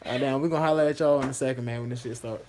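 A man's voice: mid-range voice, steady tone, racing, background noise. A man filming his wife, chatting casually and teasing her with joking slang. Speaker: vlogger's husband filming. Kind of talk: casual chat.

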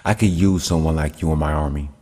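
A sly, mocking devil, read by a man, tempts with smooth, teasing persuasion. The voice sits extremely low and husky. It rings out with a long hall reverb. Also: steady tone, quick pace, a little mellow. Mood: persuasive.

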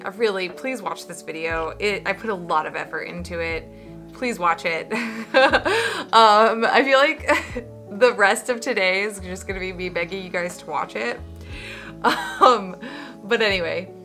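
A young woman sewing vlogger chatting casually at home, rambling with fillers and little laughs. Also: on the low side. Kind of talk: casual vlog.

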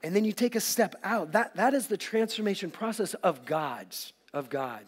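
Male pastor, middle-aged, high voice, lively sermon delivery with playful asides, church hall reverb. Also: moderate pace, breathy edge. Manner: energetic, joking asides to the congregation. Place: large church auditorium.

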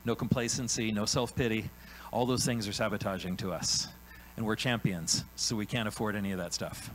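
A man preaching a sermon in a church, animated and conversational, often acting out God's voice and tagging lines with "right?". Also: fairly low pitch, brisk, slight background noise, low-quality recording. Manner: animated, acts out God's voice in quotes, frequent "right?" tags. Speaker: pastor. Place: church sanctuary.

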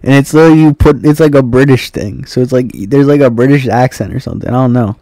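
A man's voice: medium pitch, fast talker, warm tone, no room sound. A young man on voice chat, rambling and teasing his friend in mock-dramatic tones. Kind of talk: casual gaming chat.

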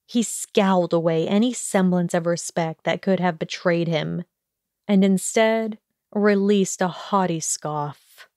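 A woman narrating a fan-fiction audiobook in a slow, even storytelling manner. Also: lowish voice, no room sound, clean studio sound. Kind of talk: scripted narration.

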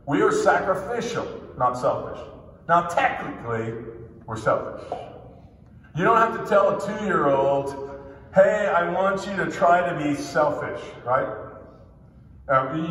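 A man preaching a sermon with a voice pitched a little high. He leans into refrains and draws out key phrases for emphasis. The sound is distant and echoes heavily through a large hall. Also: lively intonation, a little slow, fairly bright tone. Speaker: pastor. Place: church sanctuary.

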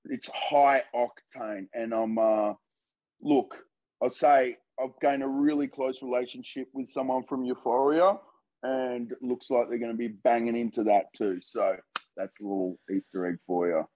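A man, a filmmaker guest, chatting casually and telling animated stories in an interview. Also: mid-range voice, moderate pace, highs cut off.

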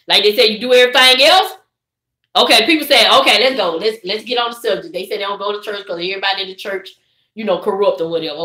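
A middle-aged woman with a Southern accent, chatting live and preaching to her viewers in a lively, direct way. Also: medium pitch, reverberant. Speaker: vlogger. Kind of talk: casual live-stream chat.

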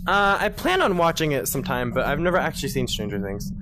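A young man chatting while playing a VR game, excitable and nervous, laughing often and swearing a lot. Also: a little high, quick pace, noisy background. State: nervous and scared. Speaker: streamer playing a VR social game. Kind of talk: casual chat while gaming.

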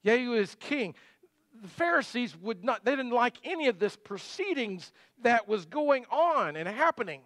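A man's voice: very high-pitched, very animated, moderate pace, hardly any pauses, fairly bright tone, dry recording. A middle-aged male pastor giving a conversational sermon full of rhetorical questions.

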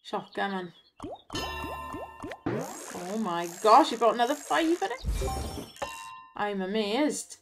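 A woman, chatty and excitable, giving casual commentary to viewers over slot play and laughing often. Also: medium pitch, slow, long pauses. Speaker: slot gaming channel host. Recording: music loud behind voice.

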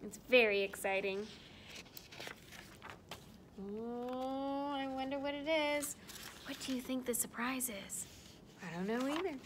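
A woman reading a picture book aloud to young children, animated and drawn-out, asking her listeners questions. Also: high-pitched, a little hiss or hum. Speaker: storyteller for children.

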